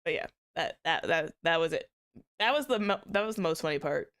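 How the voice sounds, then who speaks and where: A woman's voice: sits low, lively intonation, fairly quick, fairly bright tone. A woman streamer chatting casually with viewers, rambling with many restarts and small laughs. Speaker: VTuber streamer.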